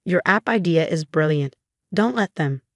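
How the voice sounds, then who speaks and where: A woman's voice: fairly low pitch, lively intonation, moderate pace, no echo, studio quality. A woman voicing the narrator's best friend in a story, blunt, indignant and supportive. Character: fiercely loyal young woman best friend.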